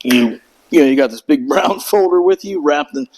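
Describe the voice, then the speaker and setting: A man's voice: on the high side, expressive, moderate pace, a little mellow, rough recording. A middle-aged man with a somewhat raised voice tells a rambling story in a loose podcast chat. He swears freely and keeps slipping into impressions of the people in his tale. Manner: profane, rambling storyteller who acts out voices. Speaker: veteran telling war stories.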